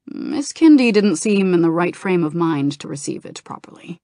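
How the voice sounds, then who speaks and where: A woman reading the lines of a gentle, compassionate male dragon in human form in an audiobook. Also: fairly low pitch, big pitch swings, normal speed, gravelly, no echo, studio quality.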